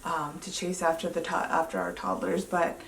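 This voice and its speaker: Chatty young mom in an echoey room. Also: female voice, deep voice, normal speed, a little hiss or hum. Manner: chatty and excitable, frequent "like" fillers. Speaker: vlogger. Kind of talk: casual storytelling to camera. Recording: roomy sound, mic at a distance.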